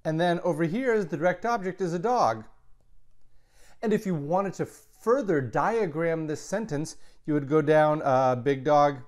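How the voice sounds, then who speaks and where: Man teaching a Latin lesson, slightly high voice. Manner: explains step by step, repeats key words slowly. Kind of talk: recorded classroom lecture.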